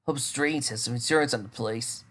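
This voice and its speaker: A woman voicing Pierre, a gentle young man and devoted knight, speaking in a soft, reassuring, lightly joking way. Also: a bass voice, moderate pace.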